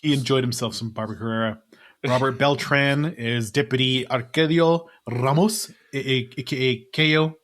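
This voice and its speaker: A man's voice: mid-range voice, fairly even intonation, normal speed, a bit bright. Guy on a movie podcast, laughs a lot, talks loose and rambly. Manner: chuckling, rambling with fillers. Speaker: podcast co-host. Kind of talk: casual movie podcast chat.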